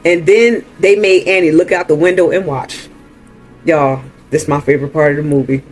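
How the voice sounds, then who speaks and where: A man's voice: fairly high pitch, steady tone, moderate pace, music in the background. A man hosting a movie recap, retelling the story in a casual, chatty way with laughs.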